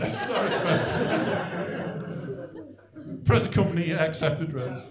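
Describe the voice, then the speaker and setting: Middle-aged St Helens comic, self-deprecating and rambling; fairly high voice; live club with a loud laughing audience. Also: male voice, expressive, slow, echoey room, crowd noise. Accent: Northern English, St Helens. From North West England. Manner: dry, self-deprecating, rambling delivery with frequent "really" tags. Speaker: stand-up comedian. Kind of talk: live stand-up routine. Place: comedy club stage.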